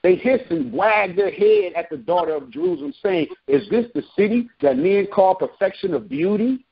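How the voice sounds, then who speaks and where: On a muffled recording, a street preacher whose voice sits high, creaky and breathy, reads scripture with lively intonation at normal speed. He breaks off into slangy remarks between passages.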